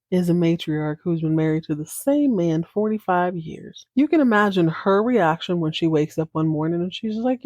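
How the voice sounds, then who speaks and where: A woman's voice: lowish voice, darkish tone, no echo, lo-fi sound. A woman hosting a casual podcast, giving a chatty, playful and dramatic retelling full of asides. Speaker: podcast host.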